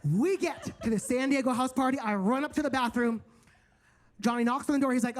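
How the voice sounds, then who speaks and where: A man's voice: very high voice, fairly quick. A male stand-up comedian telling a story in a campy, flamboyant way, chatting straight to the crowd. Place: comedy stage.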